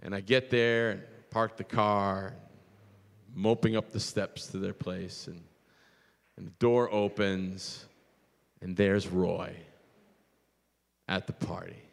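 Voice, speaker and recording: A man's voice: low voice, level tone, slow pace, gravelly, pauses often, long reverb tail. A man preaching a sermon as pastor, telling a personal story earnestly with frequent restarts.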